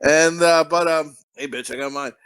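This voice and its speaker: A man's voice: fairly high pitch, steady tone, normal speed, fairly bright tone, clear, resonant tone. A man co-hosting a podcast, chatting casually in a rambling, profane way and laughing often. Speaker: podcast co-host.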